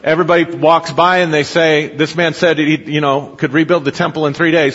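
A man's voice: fairly high pitch, steady tone, fairly quick, hardly any pauses, fairly bright tone. A man preaching a sermon, reading scripture aloud and explaining it, asking his listeners questions as he goes. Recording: dull hall recording with long reverb.

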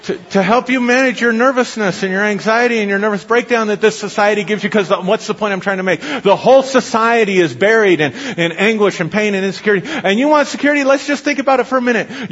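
Middle-aged male pastor, husky and high-pitched, lively storyteller who laughs and stumbles over repeats; dull lo-fi church recording. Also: fast, few pauses. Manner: animated storytelling, laughs often, repeats words. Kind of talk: sermon. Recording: dull lo-fi audio with long hall reverb.

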